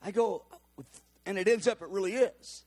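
A man preaching, telling a story in an animated way and acting out the voices of the people in it. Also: high-pitched, normal speed. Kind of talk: storytelling sermon.

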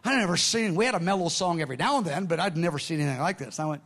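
High-voiced man telling a lively sermon story. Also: very fast. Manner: animated storytelling, acting out the voices of others; frequent restarts and stammered repeats. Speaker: pastor. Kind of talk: sermon-style teaching session.

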